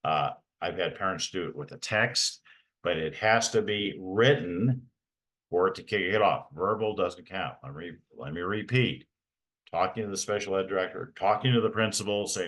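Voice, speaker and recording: A man's voice: deep voice, moderate pace, a bit bright. A middle-aged man, giving a training talk for parents and repeating key points with emphasis. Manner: emphatic, repeats key points, frequent "okay?" check-ins. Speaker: parent advocate presenter. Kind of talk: training presentation.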